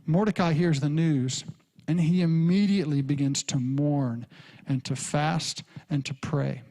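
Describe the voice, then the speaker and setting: A pastor who preaches a sermon and retells the story in lively fashion, acting out the characters. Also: male voice, a little high, a little slow. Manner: animated storytelling, acts out characters.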